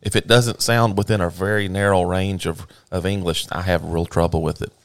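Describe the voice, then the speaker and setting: A man with a Southern US accent talks in a relaxed, teasing way and laughs often. His voice sits on the low side. The sound is dry and close, with no room around it. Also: a little fast, dry recording. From American South. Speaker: co-host of a plant channel. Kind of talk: casual chat.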